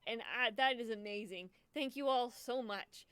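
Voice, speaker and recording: A woman's voice: a little high, moderate pace, fairly bright tone, smooth, no echo. A young woman hosting a charity livestream, emotional and choked up, stammering and repeating herself as she talks casually to her viewers. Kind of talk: casual live stream chat.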